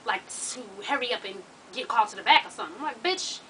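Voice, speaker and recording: A woman with a drawl tells her viewers a story in an animated, profane way. Her voice is highish and bright. She sits a bit back from the mic, with faint room noise behind her. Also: racing, recorded from a distance, low-quality recording. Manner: profane, animated, laughs while telling. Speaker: vlogger.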